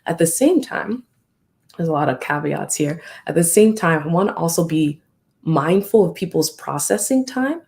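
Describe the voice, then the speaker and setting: Candid host with a gravelly edge. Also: medium pitch, a little mellow. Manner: reflective, candid, acts out remembered exchanges. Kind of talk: casual live-stream talk.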